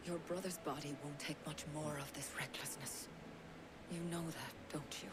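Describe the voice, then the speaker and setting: A woman's voice: low voice, steady tone, normal speed, very noisy, lightly acted. A woman playing a stern, caring healer. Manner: firm and admonishing.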